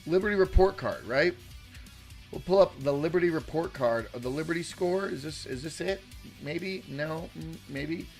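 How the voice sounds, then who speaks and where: Soft music plays behind a man hosting a laid-back political live stream, his voice on the high side with vocal fry and a moderate pace. He rambles, restarts often, fills gaps with fillers, and talks with people in the chat.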